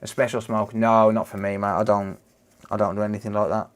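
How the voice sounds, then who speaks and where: A man with a Black Country accent chatting casually with viewers during a repair livestream, relaxed and matey. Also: lowish voice, fairly quick. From Dudley, West Midlands, England. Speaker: repair streamer.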